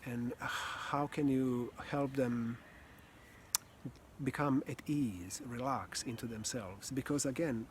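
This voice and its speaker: Man, voice coach, calm and earnest, unhurried reflective delivery, faint hiss behind. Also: medium pitch. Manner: calm, earnest, slow with pauses, occasional sighs and soft laughs. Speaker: communication and voice coach. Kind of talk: reflective teaching talk.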